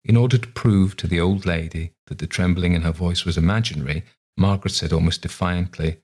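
Deep husky male narrator. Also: brisk, a little mellow. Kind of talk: scripted narration of a short story.

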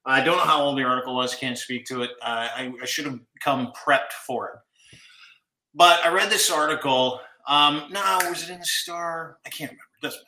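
A man's voice: on the high side, normal speed, bright, forceful tone, echoey room, rough recording. A man co-hosting a political podcast, talking in a rambling, profane, incredulous way. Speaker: podcast co-host. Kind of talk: casual political chat.

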